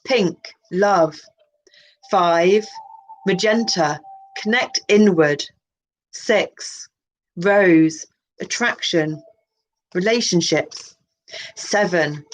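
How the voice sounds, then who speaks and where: A woman with a notably low voice reads a colour card list aloud as the host of her channel. She keeps drifting off into wandering, musing asides and breaks off her own sentences before returning to the list. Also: low-quality recording. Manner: wandering, self-interrupting, musing. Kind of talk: reading aloud with rambling asides.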